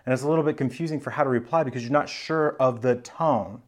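A man's voice: mid-range voice, fast talker. Man preaching in a casual teaching tone. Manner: casual, conversational Bible teaching with slang. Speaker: pastor. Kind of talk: sermon.

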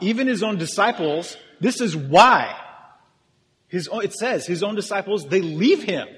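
Joking pastor in a reverberant hall. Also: male voice, a little high, expressive, normal speed, a bit bright. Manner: casual, joking, talks with the congregation. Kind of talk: sermon. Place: church hall with audience.

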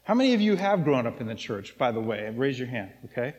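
A man's voice: medium pitch, big pitch swings, quick pace, in a large hall, dull audio. A man preaching a casual, joking sermon as pastor of a church. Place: church sanctuary.

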